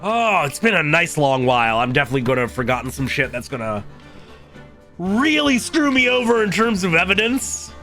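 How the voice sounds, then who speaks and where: A man's voice: a little high, big pitch swings, a little fast, sharp tone, soft background music. A man streaming a game and chatting casually, rambling and joking with lots of restarts and some swearing. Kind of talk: casual live-stream chat while playing and voicing a game.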